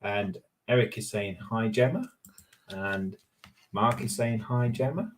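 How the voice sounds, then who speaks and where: A man's voice: fairly low pitch, unhurried, a little hiss or hum. A man, co-hosting a casual live chat stream and teasing his co-host. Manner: teasing, jokey. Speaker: livestream co-host.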